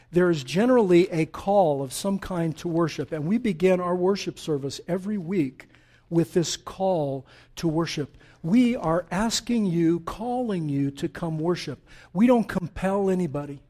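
Male pastor, high voice, lively emphatic sermon delivery with asides to the congregation.

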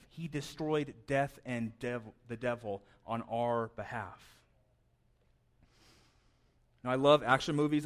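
A man preaching a sermon in a conversational way, often stammering and repeating words. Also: fairly high pitch. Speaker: pastor.

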